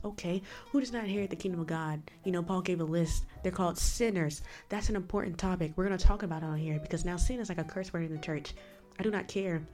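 A woman with a fairly low, warm voice hosts her own solo faith podcast. She speaks emphatically, in a preaching style, and answers the questions she poses herself.

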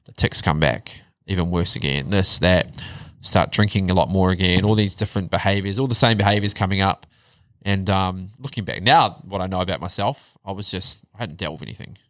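Thirties New man, low-pitched and candid, swears casually, dry close mic. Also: fairly quick, fairly bright tone, no room sound. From New Zealand. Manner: candid storytelling, swears freely, drops to a low murmur on hard parts. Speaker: guest. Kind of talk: casual chat.

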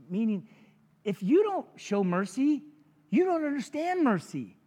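A man's voice: high voice, expressive, normal speed, dark tone, in a large hall. A man preaching a sermon as pastor, conversational and jokey, with frequent asides to the congregation.

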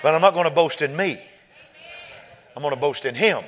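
A man preaching a sermon, quoting scripture and building from quiet talk to fervent shouting. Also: on the high side, brisk, some chatter behind.

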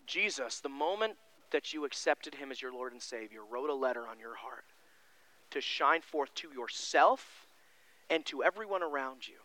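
A male pastor delivering a sermon in a folksy, emphatic way, swinging between loud stressed lines and quiet, low passages. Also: animated, moderate pace, no room sound.

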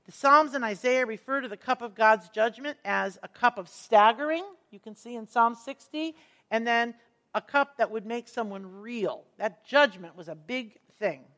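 A woman teaching a Bible passage, earnest and emphatic, slowing down to stress key words as she explains the verses. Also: on the high side, fairly bright tone.

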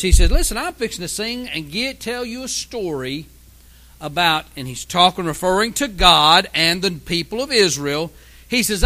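Pastor guy preaching, high bright voice, folksy and emphatic. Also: low-quality recording. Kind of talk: sermon.

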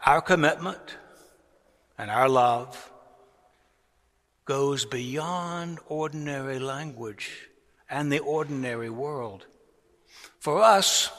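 A man preaching a sermon as a pastor, deliberate and rising to strong emphasis on key words. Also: mid-range voice, a bit bright. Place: large cathedral. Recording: long cathedral reverb.

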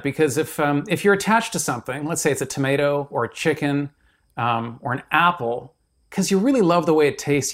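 A man who is an author, a guest in a casual interview who speaks emphatically and restarts his sentences often. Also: fairly high pitch.

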